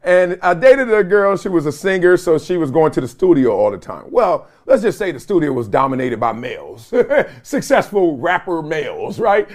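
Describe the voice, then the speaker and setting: Animated high-voiced man telling stories. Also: moderate pace. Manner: animated storytelling with laughs and mimicked voices. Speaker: host. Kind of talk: comedic solo talk show monologue.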